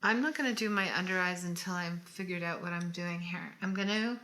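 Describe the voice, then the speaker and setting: A woman's voice: lowish voice, brisk, sharp tone. A woman co-hosting a casual makeup tutorial, chatting through each step as she works. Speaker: co-host of a makeup channel.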